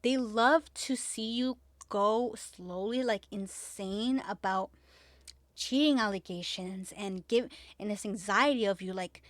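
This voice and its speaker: A woman's voice: medium pitch, measured pace, dry recording. A woman hosting a podcast in casual chat, talking emphatically with lots of "like", repeating herself and swearing freely. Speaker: podcast host.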